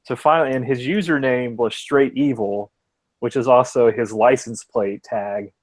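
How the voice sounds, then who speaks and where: A man's voice: mid-range voice, fairly even intonation, normal speed. A young man on a podcast telling a long, rambling anecdote in casual chat, swearing freely and filling with "like.". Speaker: podcast co-host telling a story.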